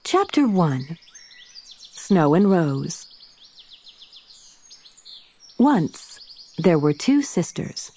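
A woman reading a children's storybook aloud as audiobook narrator, gentle and measured, close to the microphone. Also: fairly low pitch, sing-song, husky.

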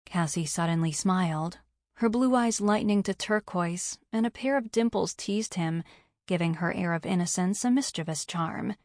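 A woman reading a romance audiobook in a steady, measured way. Her voice sits a little low for a woman, and the sound is dry and close with no room echo. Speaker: audiobook narrator. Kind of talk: scripted narration of a romance novel.

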